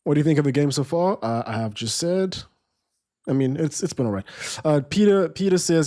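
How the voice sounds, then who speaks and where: A young man hosting a live football watchalong, reading viewer chat aloud and giving casual commentary in a relaxed, rambling way. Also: a little high, brisk. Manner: relaxed, rambling, restarts sentences.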